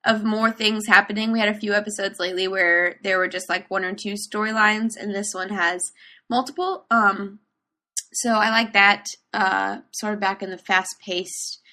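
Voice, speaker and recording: A woman co-hosting a podcast in casual chat, laughing often and answering with quick agreement. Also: mid-range voice, bright, forceful tone. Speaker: podcast co-host.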